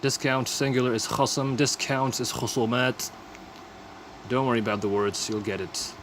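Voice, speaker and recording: A man's voice: mid-range voice, steady tone, brisk, a bit bright, slight background noise. A man teaching vocabulary in a casual lesson, repeating each phrase and explaining the words plainly. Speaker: language teacher.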